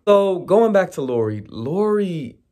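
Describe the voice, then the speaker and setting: A man casually recapping a TV episode, lively and quick to mimic the characters' lines. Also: high voice. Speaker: recap vlogger.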